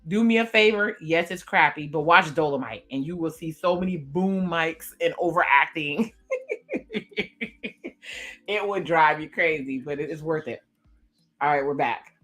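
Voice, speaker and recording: A woman hosting a reaction video, recapping a TV episode in a chatty, expressive way and reading character lines aloud. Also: low voice, normal speed. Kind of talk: casual commentary recapping a TV episode.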